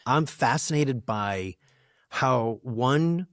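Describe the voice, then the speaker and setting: A man's voice: mid-range voice, very slow, dry recording, studio quality. A man hosting a podcast, telling chatty anecdotes and asking his guest questions. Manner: chatty anecdotal storyteller, lively when telling stories. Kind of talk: casual storytelling conversation.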